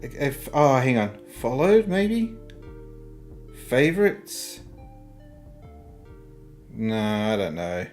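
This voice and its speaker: A man's voice: medium pitch, big pitch swings, drawn-out words, pauses often, a little mellow, soft background music. A man, casually chatting and chuckling while fixing his stream setup. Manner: laid-back, chuckling, muttering while fixing tech. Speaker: streamer hosting a game stream.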